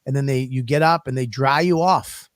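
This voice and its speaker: A man's voice: mid-range voice, normal speed, dry recording, studio quality. A man co-hosting a podcast, telling crude stories in a rambling, profane way. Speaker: podcast co-host. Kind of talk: casual comedic chat.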